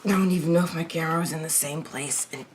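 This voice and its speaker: A woman's voice: low voice, fairly even intonation, fast talker, background noise. A woman vlogger talking casually to herself at home, pleading with her gear and muttering half-whispered asides. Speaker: TV reaction vlogger. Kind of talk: casual chat to herself while setting up. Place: home room by her chair, dog nearby.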